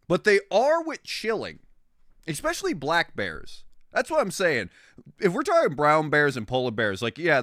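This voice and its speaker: A young man chatting with his stream in a loose, rambling way, swearing and getting excited over odd facts. His pitch swings up and down a lot. The sound is dry and close, with no room around it. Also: no echo. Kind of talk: casual chat with stream viewers.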